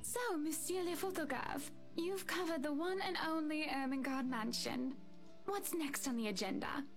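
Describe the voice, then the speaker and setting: A woman's voice: high-pitched, moderate pace. A woman voicing a blunt, flirty and sardonic game heroine who drops French words. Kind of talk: voiced game dialogue. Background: music.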